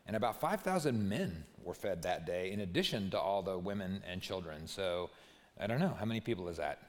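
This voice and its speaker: A male pastor preaching a sermon in a church hall, his voice rising and falling widely as he tells the story. He drops almost to a hush on the words he wants to land. A long hall reverb trails each phrase. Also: low-pitched, expressive, a little fast.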